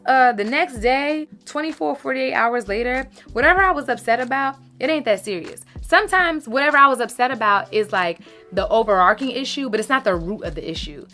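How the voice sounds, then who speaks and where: A woman's voice: mid-range voice, pushed and bright. A woman, giving casual, emphatic advice to her followers as a lifestyle creator. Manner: chatty, emphatic, uses "sis" and "baby".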